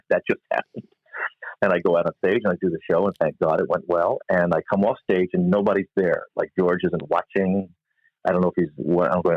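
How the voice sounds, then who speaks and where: A man's voice: low-pitched, steady tone, brisk, no room sound. An older man, a comedian and musician, telling stories from his career in an interview and acting out the voices of people he quotes. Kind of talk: storytelling in an interview. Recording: dry, slightly muffled remote audio.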